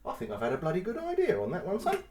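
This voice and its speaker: A man chatting and swearing casually as he cuts meat in his home kitchen. He laughs often and gets loud and then quiet. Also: high voice, huge pitch swings, racing, noisy background. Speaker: vlogger. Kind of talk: casual cooking vlog. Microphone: mic on the kitchen table.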